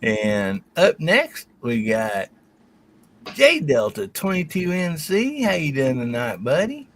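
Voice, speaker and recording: A man's voice: on the high side, wildly swooping pitch, slow pace, fairly bright tone, slight background noise. A man hosting a casual livestream chat, introducing each guest in a folksy way. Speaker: host.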